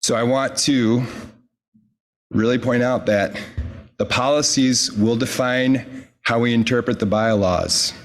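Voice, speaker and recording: Man reading bylaws slowly to a congregation. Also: mid-range voice. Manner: slow, deliberate reading with emphatic pauses. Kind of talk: reading a prepared statement to a congregation.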